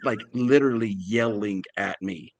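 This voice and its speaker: A man's voice: lowish voice, normal speed, no echo. A man co-hosting a podcast in casual chat, telling a story and acting out the people he quotes. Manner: animated storyteller, acts out quoted voices. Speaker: podcast co-host.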